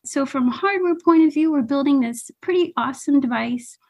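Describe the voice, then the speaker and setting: A woman's voice: sits high, a little fast, darkish tone. A woman founder being interviewed on a podcast, upbeat and enthusiastic about her company. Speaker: startup founder, podcast guest.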